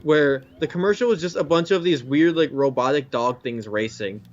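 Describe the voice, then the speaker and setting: A man's voice: on the high side, normal speed. Rambling young man, lo-fi game chat. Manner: rambling, restarts and self-corrections. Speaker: co-host of a gameplay channel. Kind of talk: casual chat. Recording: slightly dull lo-fi mic with game music. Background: faint game music.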